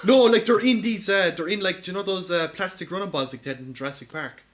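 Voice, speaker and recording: A man co-hosting a podcast in casual chat, spinning an excitable, profane story. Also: high voice, quick pace. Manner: animated, excitable storytelling with lots of swearing. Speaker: podcast co-host.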